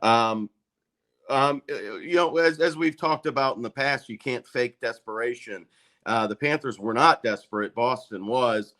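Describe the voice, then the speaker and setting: A man's voice: medium pitch, a little slow, fairly bright tone. A man as a hockey reporter guest on a sports talk show, reassuring and easygoing, with frequent um and uh fillers. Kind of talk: casual sports talk interview.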